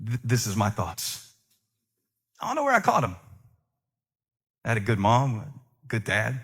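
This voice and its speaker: Bright, husky-voiced preacher man. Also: mid-range voice, huge pitch swings, measured pace. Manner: conversational, with sudden emphatic surges; jokes with the congregation. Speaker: pastor. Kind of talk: sermon.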